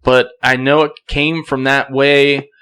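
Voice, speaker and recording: A man's voice: mid-range voice, slow pace, clean tone. Man telling a hunting story casually. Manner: animated, acts out quoted voices. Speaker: podcast guest.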